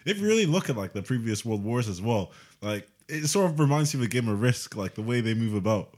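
Young man, mid pitch, lively intonation, dry remarks. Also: fast. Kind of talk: casual banter.

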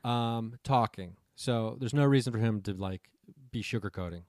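A man's voice: mid-range voice, normal speed, a little mellow, dry recording. A man chatting on a comedy podcast. He tells a long, rambling story and acts out the lines of the people in it. His voice sits in the middle range and sounds dry and close to the mic. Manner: rambling anecdotes with acted-out quotes. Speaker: podcast co-host. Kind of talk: casual storytelling chat.

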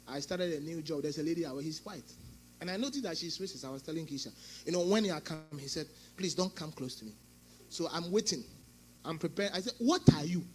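A middle-aged male pastor preaching a sermon, swinging between loud outbursts and quieter asides, acting out quoted speech. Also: on the high side, slight background noise.

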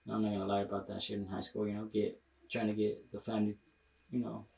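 A young man with a gravelly, low voice rambles through a casual podcast chat, packing his talk with fillers, slang and swearing. He sits back from the mic, so he sounds distant and roomy. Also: completely flat delivery, fast talker, a little mellow. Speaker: podcast co-host.

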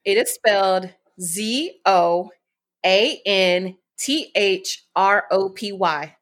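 A woman co-hosting a podcast in casual chat, calmly spelling words out letter by letter. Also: mid-range voice, slow pace. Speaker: podcast co-host.

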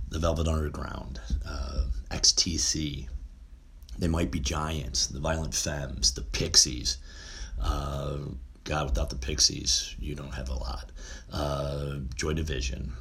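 Man, very low voice, middle-aged, casual rambling monologue, lots of filler words. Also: vocal fry. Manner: rambling, frequent "uh" fillers and restarts. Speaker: music fan reminiscing.

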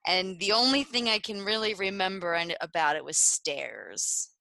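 A woman's voice: medium pitch, expressive, moderate pace, vocal fry, pushed and bright. A woman hosting a podcast in casual chat, laughing often and leading the questions. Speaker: podcast host.

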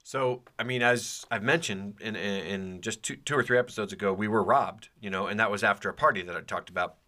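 Rambling man with a bright, low voice. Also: a little fast. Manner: rambling, hesitant, many fillers and restarts. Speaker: podcast host. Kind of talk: casual personal storytelling.

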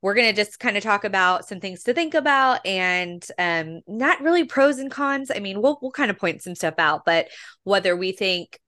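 A woman in her thirties co-hosting a podcast in casual chat, chatty and quick to laugh, with frequent fillers. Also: mid-range voice, lively intonation, pushed and bright. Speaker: podcast co-host.

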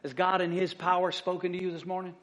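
A male pastor with a high-pitched voice preaches to his congregation. He talks with emphasis, pushing some points out loud and dropping others to a hush. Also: completely flat delivery, fast. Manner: emphatic, swings from loud to hushed. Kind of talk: sermon. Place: church sanctuary.

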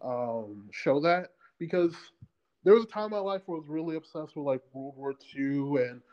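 A man's voice: a little high, expressive, moderate pace, highs cut off. A man co-hosting a podcast in casual chat, rambling with many fillers and restarts. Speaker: podcast co-host.

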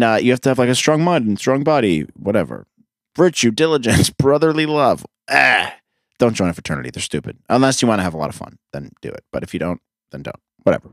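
A man's voice: lowish voice, dry recording, studio quality. A young man hosting a podcast, ranting in a profane, sarcastic, rambling way. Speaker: podcast host. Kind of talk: casual podcast rant.

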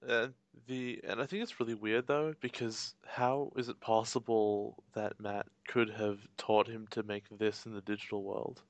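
A man's voice: lowish voice, fairly even intonation, normal speed, few pauses, no room sound. A young man co-hosting a casual podcast, adding wry, skeptical asides. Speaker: podcast co-host. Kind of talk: casual chat.

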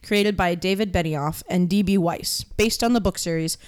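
A woman's voice: lowish voice, normal speed, a little mellow, clear, resonant tone. A woman co-hosting a comedy podcast, reading notes and chatting lightly. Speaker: podcast co-host, script reader. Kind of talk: casual chat and reading a script.

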